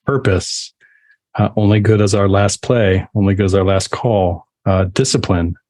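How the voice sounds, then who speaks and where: Low-voiced man hosting, dry sound. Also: steady tone, moderate pace, darkish tone, no room sound. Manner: listens and then sums up points from notes. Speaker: podcast host. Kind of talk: conversational interview.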